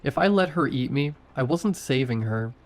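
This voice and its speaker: A man's voice: mid-range voice, expressive, normal speed. A man narrating a first-person horror story in short, tense sentences.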